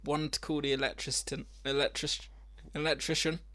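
A man's voice: a little high, flat delivery, normal speed, pushed and bright. A man trading jokes and playful teasing in casual comedy banter.

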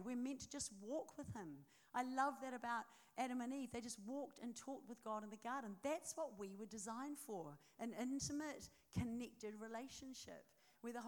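A woman preaching a sermon and telling a personal testimony, with an animated storytelling manner full of fillers and restarts. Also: fairly high pitch.

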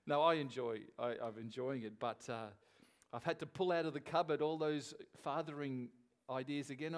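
A man's voice: fairly high pitch, animated, moderate pace. An older man, a grandfather, acting as pastor and opening his sermon in a jovial, conversational way.

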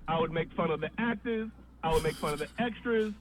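A guest comedian on a podcast tells a long story in a slightly high, fairly quick man's voice, animatedly acting out the voices of its characters. The recording sounds like a tinny phone line with faint noise.

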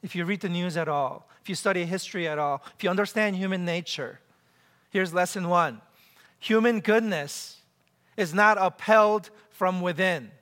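A man preaching a sermon to his church, animated, acting out scenes and leading the congregation in call-and-response. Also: normal speed. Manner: animated, acts out scenes and quotes with big pitch jumps. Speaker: pastor. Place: church sanctuary. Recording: long hall reverb.

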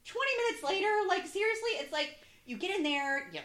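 A woman in her thirties telling a story in casual chat, animated and profane, acting out the people in it. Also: very high-pitched, fast talker, roomy sound. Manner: animated, profane, acts out voices in her stories.

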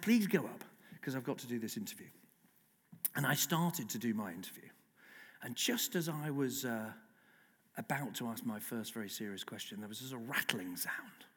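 A middle-aged man, a broadcast journalist and guest speaker, telling lively, self-mocking stories at a festival talk. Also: mid-range voice. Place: festival lecture hall. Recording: long reverb in a large hall.

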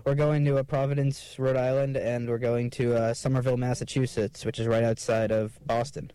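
Laid-back guy on radio, mellow warm voice, short easy answers. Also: mid-range voice, flat delivery, brisk, clean tone. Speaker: show regular, musician. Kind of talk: casual radio chat.

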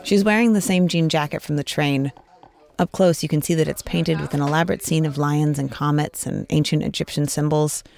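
A woman narrates a radio story in a calm, matter-of-fact manner. Her voice is low for a woman and has a slight gravel to it. A faint noise sits under the narration. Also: fairly quick.

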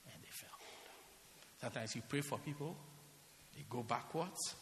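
A male pastor delivers his sermon in an emphatic, repetitive preaching style with a bright, ringing tone. His pitch swoops widely from low hushes to high peaks. The recording carries the long reverb of an echoey church hall. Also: expressive, measured pace, a little hiss or hum. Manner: emphatic preaching, repeats phrases.

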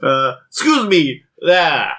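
A man's voice: on the high side, very animated, slow pace, sharp tone. A man doing improvised comic storytelling, playful and theatrical, often laughing.

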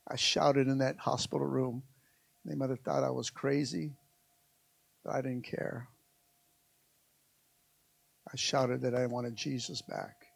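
A man's voice: mid-range voice, level tone, slow, vocal fry, pauses often, slightly rough. A man preaching a sermon as pastor, emphatic and repetitive, calling out to his congregation again and again.

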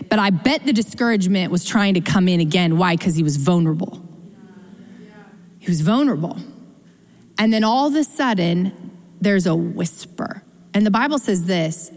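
Animated woman pastor preaching in a hall. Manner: animated, conversational, acts out quotes with big pitch jumps. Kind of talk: sermon. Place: church. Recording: church hall reverb.

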